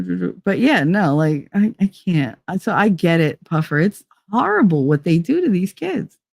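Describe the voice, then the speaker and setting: A woman hosting a casual chat show, telling a story in a blunt, animated way and swearing freely. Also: mid-range voice, vocal fry, dry recording. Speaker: host.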